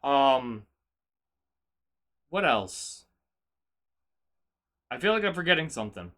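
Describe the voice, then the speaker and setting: A man streaming live, chatting casually with his viewers in a chaotic, energetic way. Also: medium pitch, slow pace.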